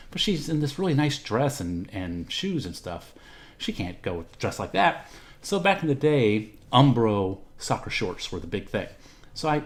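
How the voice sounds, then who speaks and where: A middle-aged man from Texas, hosting a podcast and telling a personal story in a candid, profane, rambling way. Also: fairly low pitch. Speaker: podcast host. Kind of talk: casual storytelling.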